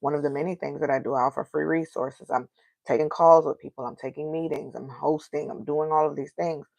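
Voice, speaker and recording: A woman's voice: low-pitched, steady tone, fairly quick, gravelly, darkish tone, no echo. A woman in her thirties with an African American accent, venting candidly on her own podcast and asking rhetorical questions. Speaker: podcast host. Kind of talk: casual solo podcast monologue.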